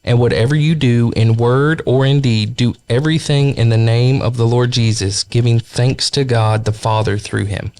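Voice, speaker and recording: A man with a mid-pitched voice reads scripture aloud. He takes it slowly and measures each phrase. It sounds like a podcast conversation. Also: steady tone, darkish tone. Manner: slow, measured reading.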